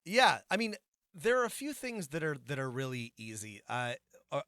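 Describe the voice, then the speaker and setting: A man's voice: fairly high pitch, big pitch swings, normal speed, sharp tone, no echo, studio quality. A man co-hosting a tabletop gaming podcast, talking in a rambling way with lots of fillers and restarts. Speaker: podcast co-host and game master. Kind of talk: casual podcast chat.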